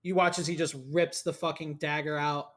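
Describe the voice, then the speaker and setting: A man running a tabletop game as game master, cursing freely and excitable. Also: fairly high pitch, normal speed. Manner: profane, excitable, laughing.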